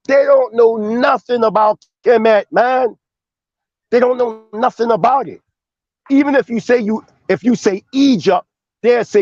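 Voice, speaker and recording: A high-pitched man argues in a heated debate, confrontational and emphatic, swearing as he presses each point. His voice comes through a little dull and lo-fi. The sound is dry and close. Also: lively intonation, normal speed, darkish tone, no room sound.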